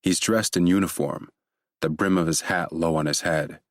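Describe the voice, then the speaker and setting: A man narrating a thriller audiobook in a measured, steady way. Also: low-pitched, dry recording, clean studio sound.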